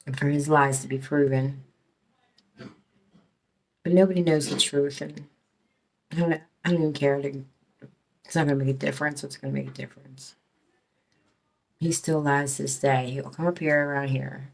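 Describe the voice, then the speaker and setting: A woman's voice: a bass voice, fairly even intonation, moderate pace, vocal fry, pauses often, a little mellow. A middle-aged woman telling a personal story in a rambling, emotional way, swearing often and restarting her sentences. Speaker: storyteller recounting her past.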